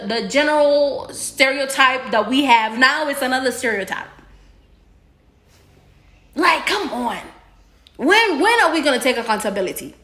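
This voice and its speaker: Sex: woman. Pitch: high. Tone: bright and sharp. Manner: earnest, exasperated. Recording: echoey room. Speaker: social media commentator. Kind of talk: casual opinion commentary.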